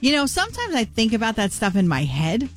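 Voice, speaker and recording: A woman's voice: a little high, huge pitch swings, brisk, faint music behind. A woman co-hosting a morning radio show, chatting playfully in casual banter.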